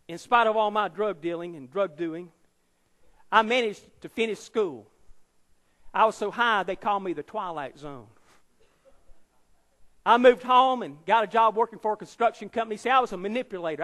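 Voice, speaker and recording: A high-pitched male evangelist in his fifties preaches his testimony in a dramatic, emphatic storytelling way. His voice rings through a large auditorium with a long, trailing reverb. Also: expressive, normal speed, fairly bright tone. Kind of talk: testimony sermon.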